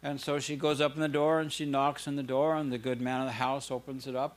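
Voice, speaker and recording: A man's voice: mid-range voice, flat delivery, quick pace, hardly any pauses. A man preaching a sermon, telling stories in an earnest way and building to fervent emphasis. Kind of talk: sermon with storytelling.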